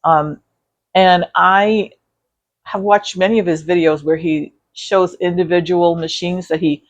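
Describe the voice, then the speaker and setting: A woman's voice: lowish voice, steady tone, measured pace. A woman vlogging about quilting in a casual, rambling way, with many fillers and self-corrections. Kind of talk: casual chat reviewing videos.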